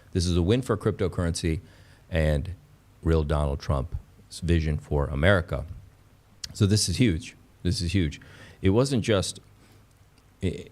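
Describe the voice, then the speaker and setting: A man with a very low voice hosts a casual livestream. He talks straight to his viewers with an excitable, repetitive way of speaking. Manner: excitable, repeats phrases, talks to chat as "pups". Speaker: livestream host. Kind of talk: casual crypto livestream chat.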